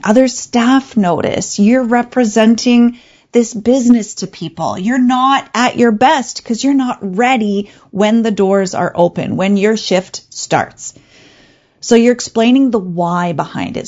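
A woman hosting an advice show, talking in a calm, clear, coaching way. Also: on the high side, dull audio. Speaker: radio show host. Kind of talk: advice talk show monologue.

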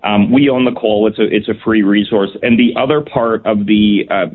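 A man's voice: lowish voice, fairly even intonation, moderate pace. A man, a provincial cabinet minister answering radio interview questions in an earnest, emphatic way, full of "um" and restarts. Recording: phone-line call-in audio.

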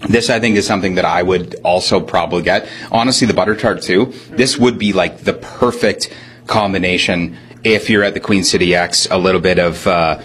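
This is a man with a fairly low voice, talking casually on the radio. He keeps up a chatty running account of each thing he does as he eats. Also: fairly even intonation, brisk, fairly bright tone. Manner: chatty, narrating what he does while eating. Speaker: radio host tasting fair food. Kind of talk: casual on-air chat.

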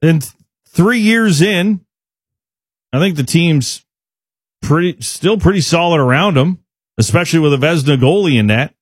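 A man's voice: on the high side, animated, normal speed, pauses often, slightly rough, dry recording, studio quality. A man hosting a sports radio show, talking in an emphatic, indignant way with frequent restarts. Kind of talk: opinionated sports talk.

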